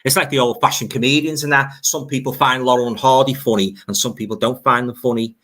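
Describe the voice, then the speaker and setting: A man's voice: mid-range voice, fairly even intonation, fast, fairly bright tone. An older man from Liverpool with a Scouse accent, hosting a casual livestream chat and reading out viewer comments, repeating phrases as he talks. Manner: chatty, repeats phrases and fillers. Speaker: livestream host.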